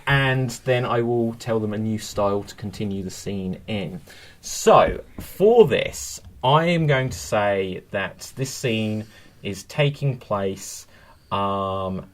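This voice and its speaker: A man MCing an improv comedy show. He explains the games briskly and upbeat. His voice sits at an ordinary middle pitch. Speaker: host and MC. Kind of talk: hosting an improv game.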